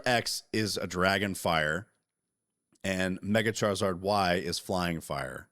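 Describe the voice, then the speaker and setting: A man chatting casually as a podcast co-host, animated and profane, talking over interruptions. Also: sits low, slow, dry recording, clean studio sound. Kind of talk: casual chat.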